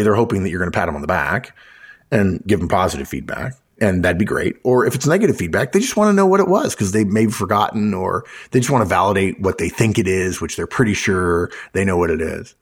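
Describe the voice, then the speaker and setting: Husky low-voiced man giving advice. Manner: acts out quoted dialogue with a chuckle. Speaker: podcast host. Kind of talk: conversational management advice.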